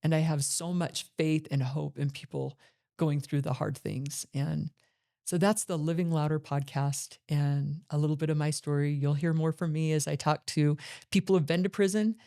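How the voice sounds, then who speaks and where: A woman's voice: low-pitched, fairly even intonation, normal speed, gravelly, dark tone. Earnest middle-aged woman telling her story. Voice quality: earnest, reflective. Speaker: podcast host. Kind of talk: personal storytelling monologue.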